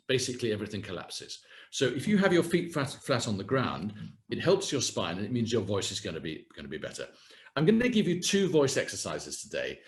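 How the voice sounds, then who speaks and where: A man with a fairly low voice teaches voice and posture in an online webinar. His pitch swoops a lot, and he demonstrates each point as he goes. He comes through a video call. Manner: lively, hands-on, demonstrating as he speaks. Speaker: communication and voice coach. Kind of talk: webinar talk with practical exercises.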